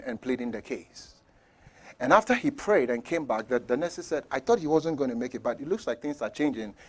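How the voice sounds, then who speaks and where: A man preaching with a fairly high, lively voice that climbs and falls as he tells stories. He swings from loud bursts to soft, hushed lines and chuckles between points. The delivery is animated and sermon-paced. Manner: animated storytelling, swings from loud shouts to near-whispers. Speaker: pastor.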